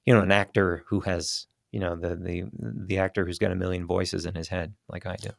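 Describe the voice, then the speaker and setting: A man who works as a voice actor, chatting in a relaxed, rambling way as an interview guest on a studio microphone. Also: sits low, brisk, vocal fry, no echo. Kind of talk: casual interview chat. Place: small studio.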